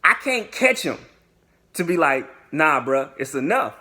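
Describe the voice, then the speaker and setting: A man's voice: fairly high pitch, unhurried. A young adult man casually telling a dating story to his viewers, acting out the other people's lines in slangy speech. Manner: animated storyteller, acts out quoted dialogue in slangy speech.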